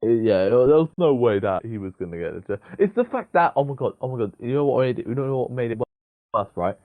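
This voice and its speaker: A man's voice: mid-range voice, expressive, fast, no room sound, phone-quality sound. A young man co-hosting a podcast, agreeing with his friend and chiming in with short replies. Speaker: podcast co-host. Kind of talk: casual chat.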